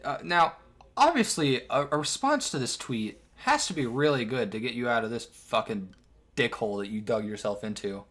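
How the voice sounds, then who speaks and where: A man's voice: mid-range voice, expressive, normal speed, a bit bright. Sarcastic, foul-mouthed male commentator. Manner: sarcastic, crude, lots of swearing. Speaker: online drama commentator. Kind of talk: commentary video.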